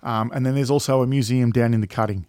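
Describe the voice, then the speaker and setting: Co-hosting a podcast, a man with an Australian accent chats casually, rambling with lots of fillers and frequent swearing. His mid-range voice is fast, fairly even and a little mellow, captured in clean studio sound with no echo.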